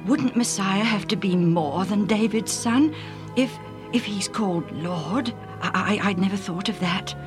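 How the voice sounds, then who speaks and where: A woman's voice: medium pitch, a little slow, natural voice. Woman playing an earnest stammering man, storybook, devout, emotional, music behind. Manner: stammering, repeats words, emotional. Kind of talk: storybook reading.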